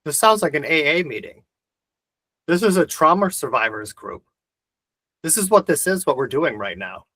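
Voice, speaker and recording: A man's voice: a little high, big pitch swings, moderate pace, pushed and bright, husky, dry recording. A man hosting a video call discussion, talking intensely and ranting with heavy swearing. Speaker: host of the discussion.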